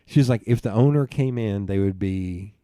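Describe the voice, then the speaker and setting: A man's voice: on the low side, normal speed, warm tone, clear, resonant tone, no echo, studio quality. A man in a podcast interview, telling a long, profane story with laughs along the way. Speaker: podcast guest. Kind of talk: casual storytelling chat.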